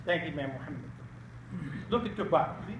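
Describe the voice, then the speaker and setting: A man's voice: fairly high pitch, lively intonation, fairly quick, noisy background. An older man giving an emphatic Islamic talk as a guest speaker at a banquet, firing rhetorical questions for the audience to answer. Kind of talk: Islamic preaching at an awards banquet. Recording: echoey hall audio from a distant mic.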